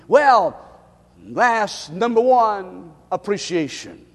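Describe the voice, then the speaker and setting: A man preaching a sermon as pastor, repeating his points and swinging from shouts to hushed tones. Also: very high voice, animated, moderate pace. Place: church sanctuary. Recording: long hall reverb.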